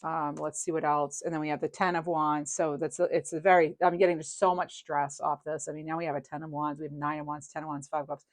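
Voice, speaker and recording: Woman, low-ish voice, tarot reader, casual chatty delivery, sympathetic, thinks aloud, dry close sound. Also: little pitch movement, fast, few pauses, no echo. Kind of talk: casual tarot reading to camera.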